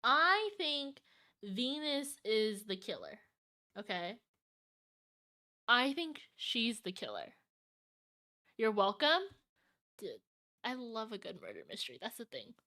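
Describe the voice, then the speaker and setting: Woman streamer, casual live chat, bright and slightly high, excitable and rambling. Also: slow pace, pauses often. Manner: excitable, restarts and rambles, laughs often. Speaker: streamer reacting to a video.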